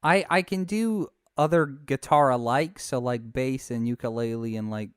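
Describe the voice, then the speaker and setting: A man being interviewed as a podcast guest, soft-spoken and chatty, often laughing. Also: mid-range voice, normal speed, clear, resonant tone, no echo, studio quality. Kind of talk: casual interview chat.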